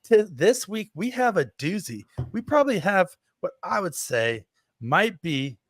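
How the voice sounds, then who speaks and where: A man's voice: sits high, big pitch swings, a little slow, no echo. Male podcast co-host, casual and playful, dry close recording. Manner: playful, jokey exaggeration.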